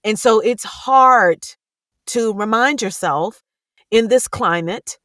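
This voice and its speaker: A woman's voice: a little high, slow, fairly bright tone, no echo, clean studio sound. A woman audiobook narrator speaking as a podcast guest, earnest and passionate, with careful diction. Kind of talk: candid podcast conversation.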